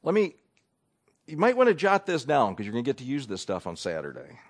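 A pastor preaching in a folksy, conversational way, wry and quick to act out people's voices. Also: male voice, mid-range voice, wildly swooping pitch. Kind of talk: conversational sermon.

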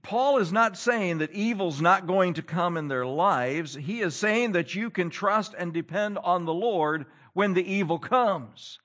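A man preaching a sermon to his church, swinging between loud emphasis and low hushed lines and reading scripture in old-fashioned wording. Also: measured pace, few pauses. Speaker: pastor.

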